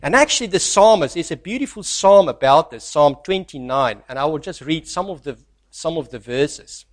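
A man preaching a sermon who reads scripture aloud and swings from loud, stressed lines to soft, near-hushed asides. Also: fairly high pitch, animated, normal speed.

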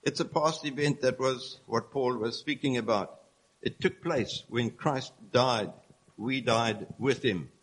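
A man delivering a sermon in an earnest, explanatory tone. His voice sits at an ordinary middle pitch, and he moves steadily from one point to the next, reading scripture aloud along the way. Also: measured pace, slightly rough, rough recording. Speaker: preacher.

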